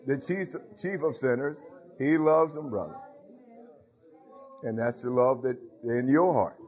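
A man's voice: medium pitch, measured pace, darkish tone, highs cut off. A man preaching a folksy sermon as pastor, talking straight to his congregation and dropping in hallelujahs. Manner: folksy, talks to congregation, frequent hallelujahs and laughs.

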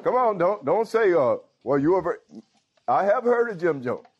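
This pastor's high-pitched voice is very animated as he delivers an informal sermon at normal speed, frequently addressing his congregation directly. The church recording has a lo-fi quality.

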